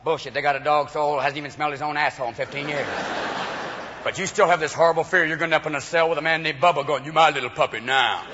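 High-voiced male stand-up comic, fast ranting delivery, dull live club recording. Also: steady tone, long reverb tail, background noise. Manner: rapid ranting with frequent voices and shouts. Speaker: stand-up comedian. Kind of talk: stand-up routine. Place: comedy club stage.

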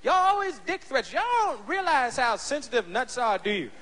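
A man doing a stand-up comedy routine on stage before a live audience, brash, profane and animated. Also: very high voice, moderate pace, big-room sound, a little hiss or hum.

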